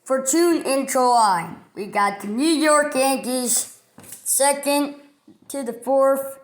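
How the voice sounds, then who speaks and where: A woman hosts a casual sports news rundown, reading a schedule item by item. She speaks slowly with a somewhat high voice. Her delivery is halting and list-like. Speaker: sports video host.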